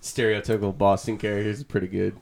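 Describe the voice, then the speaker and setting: A man with a fairly low voice in a casual chat among friends. He sounds relaxed as he chimes in with his opinions. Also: quick pace, vocal fry.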